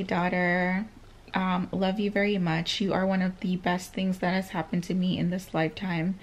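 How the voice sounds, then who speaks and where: A woman's voice: mid-range voice, vocal fry, a little hiss or hum. A young woman chatting casually to her vlog viewers, rambling with lots of "like" and "um". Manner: chatty, rambling, heavy on fillers. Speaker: vlogger.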